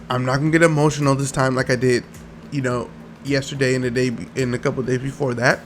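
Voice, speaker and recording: A man hosting a casual sports recap show, talking in a slangy, animated way and addressing his viewers directly. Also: mid-range voice, slight background noise. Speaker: sports podcast host.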